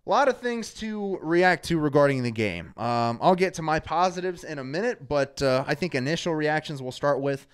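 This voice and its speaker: A man hosting a live fan talk show from a studio, energetic and reading out viewers' names. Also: a little high, moderate pace, few pauses, clean tone. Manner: energetic, shouts out viewers by name. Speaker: show host. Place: studio under hot lights.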